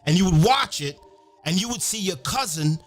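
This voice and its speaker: Hyped-up guy talking over a beat, voice a bit high, swears a lot, half sings it. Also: normal speed. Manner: animated, profane, half-singing lines. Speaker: event host. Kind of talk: excited monologue over a beat. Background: music.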